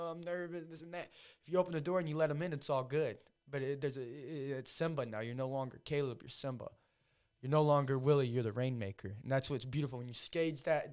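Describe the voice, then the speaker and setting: Brief: male fighter guest, mid-pitched, talks with swearing and raw emotion in a relaxed podcast chat. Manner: emotional, heavily profane storytelling.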